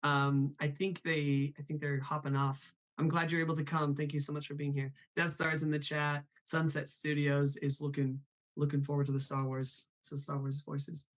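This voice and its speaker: A man's voice: a little high, completely flat delivery, normal speed, poor audio. A man hosting a live stream, chatting upbeat and reading viewer comments aloud. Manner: upbeat, laughs often, reads chat aloud. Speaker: host.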